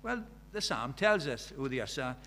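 A man's voice: mid-range voice, big pitch swings, moderate pace, pushed and bright. An older man, preaching a sermon in a conversational way, full of rhetorical questions.

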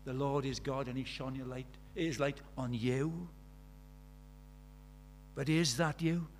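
A man's voice: medium pitch, steady tone, slow. An older man, preaching a sermon in a conversational way, full of rhetorical questions.

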